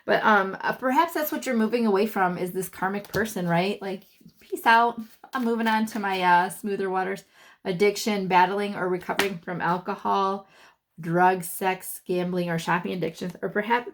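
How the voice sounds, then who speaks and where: Chatty woman reading tarot cards. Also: mid-range voice. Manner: chatty, thinking aloud with many fillers. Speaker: tarot reader.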